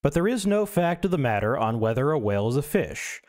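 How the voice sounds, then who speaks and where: A man's voice: on the high side, very animated, brisk, darkish tone. A male streamer reading an essay aloud, breaking in with wry, self-mocking asides.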